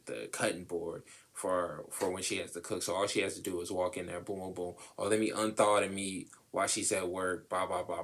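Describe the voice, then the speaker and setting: Low-pitched and young, this podcast co-host talks casually about relationships in an animated, slang-heavy way. He acts out the voices of the people he quotes.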